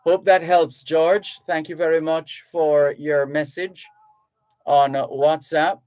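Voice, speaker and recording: A Jamaican man hosting a radio call-in show, reading out listener messages and explaining things in an unhurried way, with fillers and restarts. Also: on the high side, flat delivery, a little mellow, dry recording, low-quality recording. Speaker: radio talk show host. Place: radio studio.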